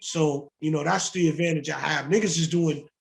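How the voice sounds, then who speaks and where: A man from the Bronx, a music producer telling stories in a casual interview, profane, animated and full of slang. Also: a little high, normal speed, vocal fry. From the Bronx, New York.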